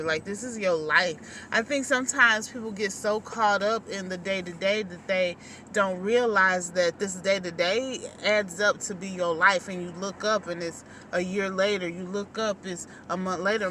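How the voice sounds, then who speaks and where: A woman's voice: mid-range voice, pushed and bright. A woman on maternity leave chatting candidly in slangy, laughing casual talk from her car. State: new mother on maternity leave. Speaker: vlogger. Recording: distant mic, road noise. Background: car and road noise.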